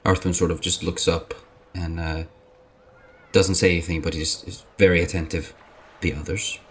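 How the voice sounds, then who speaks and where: A man's voice: deep voice, flat delivery, normal speed, husky. A man player in a tabletop game, describing his character's actions hesitantly. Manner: hesitant, with fillers.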